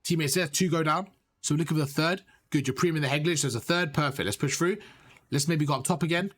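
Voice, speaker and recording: A man coaching a player through gameplay footage, direct and animated, repeating his points and calling him bro. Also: on the high side, fast talker. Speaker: gaming coach.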